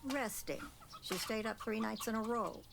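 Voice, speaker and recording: Gravelly old granny. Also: female voice, on the high side, normal speed, background noise. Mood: gentle. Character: old grandmother, kind and gruff. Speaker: anime character. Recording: distant clip with music behind.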